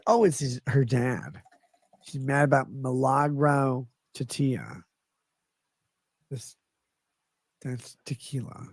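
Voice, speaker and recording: A man's voice: fairly high pitch, gravelly, no echo. A man rambling loosely through a livestream as he reads chat messages aloud, swearing and drifting off topic in a drunken manner.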